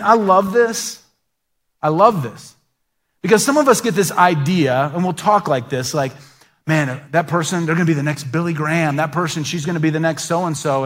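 A middle-aged man preaching a sermon as a pastor, conversational and animated, acting out little asides. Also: a little high.

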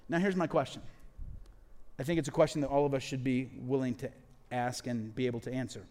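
A man preaching a sermon as pastor, animated and acting out quoted voices as he speaks. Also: fairly high pitch, long reverb tail.

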